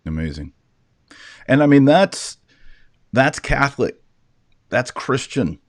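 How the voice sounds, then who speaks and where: A man hosting a podcast in a casual interview, giving brief affirming replies in a calm way. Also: medium pitch, slow pace, no echo, clean studio sound. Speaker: podcast host.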